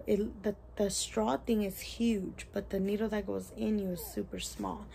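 A woman's voice: medium pitch, fairly even intonation, moderate pace, vocal fry, hardly any pauses, a little mellow, a little hiss or hum. A young woman casually telling a story to camera in a chatty, rambling way, full of "like" and "you guys". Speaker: vlogger.

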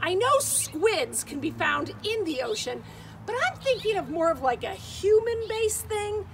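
Playful, high-voiced woman art teacher. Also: big pitch swings, measured pace, distant mic, a little hiss or hum, rough recording. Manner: playful and theatrical, talking to children. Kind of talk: children's video lesson.

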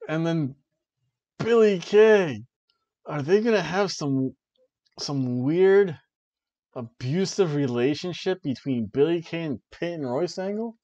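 Chatty man reviewing wrestling, lo-fi sound. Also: high voice. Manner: animated, chatty, with offhand asides. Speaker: wrestling review podcast host. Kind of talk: casual chat.

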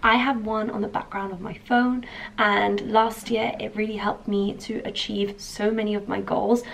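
A woman's voice: mid-range voice, level tone, normal speed, creaky, slight background noise, poor audio. A woman in her twenties chatting casually on her vlog, upbeat and filling her talk with "like". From London. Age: 20s. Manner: chatty, upbeat, lots of fillers like "like". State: groggy morning voice. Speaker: trainee surgeon and vlogger. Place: at home getting ready.

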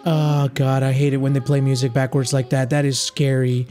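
A man's voice: mid-range voice, fairly even intonation, a little fast, few pauses, darkish tone. A man giving rambling, nervous commentary while playing a horror game, breaking into nervous laughs. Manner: jittery, rambling nervous chatter. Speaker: gamer.

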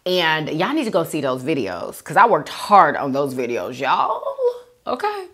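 Chatty woman with a lively voice. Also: deep voice, a little slow. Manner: chatty, reads comments aloud and reacts with gushing thanks. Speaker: mukbang host reading viewer comments. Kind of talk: casual chat while eating.

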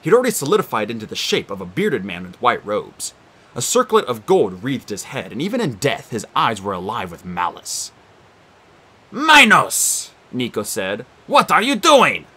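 A man narrating an audiobook in an expressive, animated reading. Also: fairly low pitch, brisk, breathy edge. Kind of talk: storybook narration.

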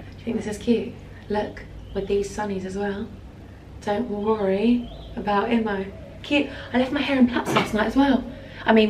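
A young British woman chatting brightly through a fashion vlog, showing off outfits in a holiday room. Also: medium pitch, far from the mic, a little hiss or hum. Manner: bubbly, chatty, keeps saying cute. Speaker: fashion vlogger. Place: holiday room with insects outside. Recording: echoey room, slightly off-mic. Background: faint crickets.

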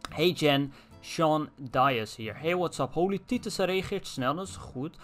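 A man's voice: fairly high pitch, animated, unhurried, fairly bright tone, faint music behind. A young man doing casual gameplay commentary, reading in-game text messages aloud with crude jokes and asides. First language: Dutch. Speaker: let's player.

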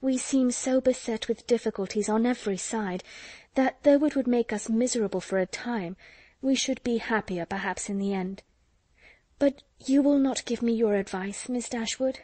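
A woman's voice: a little high, moderate pace, warm tone, no room sound, pitched above the performer's own voice, natural voice. A woman reading as Lucy, jealous young schemer. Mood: confiding.

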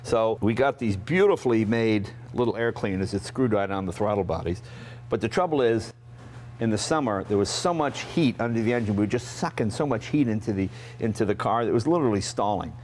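A man in his sixties from Massachusetts, hosting and telling a casual, animated story about cars. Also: lowish voice, fairly quick, a little hiss or hum. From Massachusetts, USA. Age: 60s. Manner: chatty, animated, acts out family members' lines. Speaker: host.

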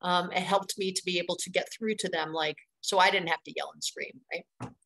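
A middle-aged woman presenting a training webinar on dog playgroups, talking in an energetic, chatty way and stressing her points with repeated words. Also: on the low side, brisk, low-quality recording. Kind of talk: instructional webinar talk.

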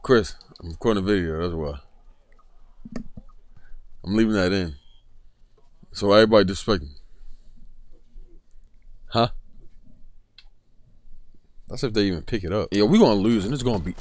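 A young man, commentating his own basketball video game, cursing and yelling at teammates. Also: on the low side, normal speed, long pauses, no room sound. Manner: profane, excitable, yells at teammates. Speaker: gaming YouTuber. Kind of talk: live gameplay commentary.

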